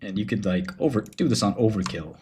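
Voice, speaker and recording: A man's voice: lowish voice, lively intonation, brisk, darkish tone, a little hiss or hum. A man chatting casually on a livestream, profane and rambling, telling stories with mock menace. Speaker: streamer.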